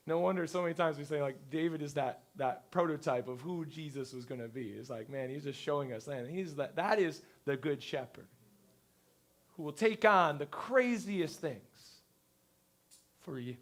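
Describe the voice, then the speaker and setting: A male pastor giving a conversational sermon to his congregation, telling lively stories and acting out the people he quotes. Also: a little high, normal speed. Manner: lively storyteller who acts out quotes. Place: church service before a congregation.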